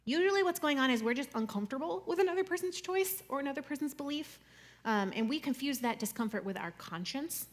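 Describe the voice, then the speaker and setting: A young adult woman speaking to an audience in a conversational, jokey way, swinging between loud and soft. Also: high-pitched, expressive, quick pace. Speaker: speaker giving a talk.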